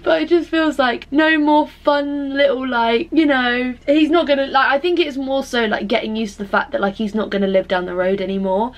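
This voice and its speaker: A woman's voice: sits high, fairly even intonation, normal speed, hardly any pauses. A young woman in her twenties talking in a rambling, emotional way, full of fillers and casual swearing, as she vlogs while doing her makeup. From England. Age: 20s. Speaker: vlogger.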